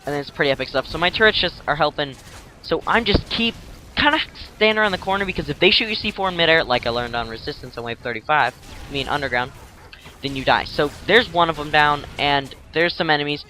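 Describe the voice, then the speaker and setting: A man's voice: fairly high pitch, animated, fast talker, bright, forceful tone, a little hiss or hum. A young man casually narrating his gameplay as a tutorial, rambling and jokey, acting out enemies in silly voices.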